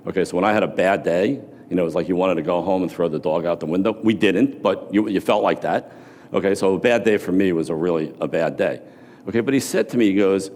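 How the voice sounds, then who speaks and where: A man's voice: low voice, expressive, fast, darkish tone, in a large hall. A man from New York, a former floor trader, giving a motivational speech in a casual storytelling way, with profanity.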